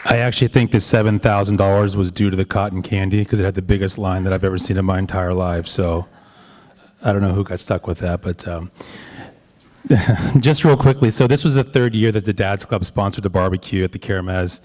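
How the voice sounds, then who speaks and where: A man who chairs a board committee, speaking in a relaxed, chatty, joking way at a school member forum. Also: low voice, fairly quick, long reverb tail. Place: large hall at a school forum.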